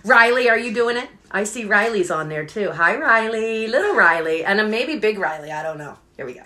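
A woman's voice: medium pitch, lively intonation, fairly quick, pushed and bright. A woman teaching children's songs on a live stream, cheerful and sing-song, breaking into songs and silly sounds. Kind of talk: singing songs and chants for kids on a live stream.

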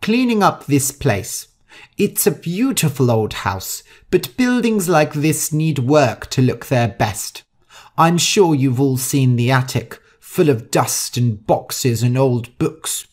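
A crabby old landlady from a storybook scolds in a raised, sing-song voice, slow and sharp-tongued. A man acts her out. Every word lands like an order. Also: medium pitch, animated. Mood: stern. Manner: stern, scolding. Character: grumpy strict old landlady.

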